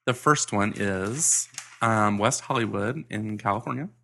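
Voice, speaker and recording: A man's voice: lowish voice, a little slow, creaky, sharp tone. A man hosting a podcast, chatting casually and reading out news items. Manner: laid-back, chatty, reads out news items. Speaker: podcast host. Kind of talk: casual chat.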